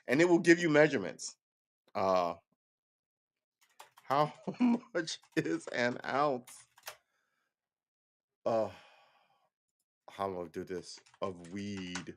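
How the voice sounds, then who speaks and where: A man with an ordinary mid-pitched voice hosts a casual live news stream. He rambles and swears freely, cracks jokes and calls his viewers boys and girls. He keeps stopping to restart or correct himself as he thinks aloud. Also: big pitch swings, unhurried, pauses often. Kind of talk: casual political commentary.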